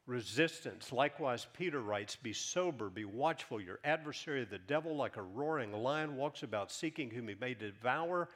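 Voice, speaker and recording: A man preaching a sermon, reading scripture aloud with rising emphasis and dropping softer when he explains. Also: medium pitch, lively intonation. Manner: reads scripture aloud with rising emphasis, then drops soft; earnest, measured teaching. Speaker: pastor.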